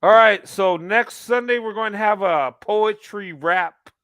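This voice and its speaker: A man with a high voice talks slowly and encouragingly on a casual live online call, laughing easily. The sound is dry and close. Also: a bit bright, clean tone, dry recording. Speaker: participant in an online community call.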